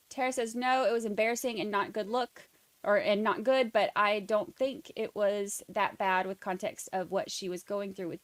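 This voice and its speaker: A woman's voice: fairly high pitch, dry recording. A young woman with a Southern US accent hosting a casual livestream, chatting loosely and reading viewer comments aloud. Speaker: livestream host.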